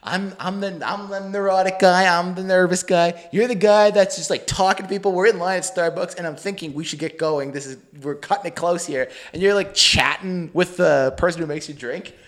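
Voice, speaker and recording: A man co-hosting a podcast, telling a story in a casual, profane, animated way and laughing often. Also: sits high, brisk, hardly any pauses. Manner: animated, mimics his friend in a bouncy voice. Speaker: podcast co-host.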